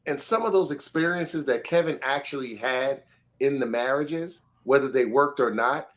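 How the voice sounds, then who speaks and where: A man co-hosting a podcast in casual discussion, animated and emphatic, often breaking into laughter. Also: medium pitch, moderate pace. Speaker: podcast co-host.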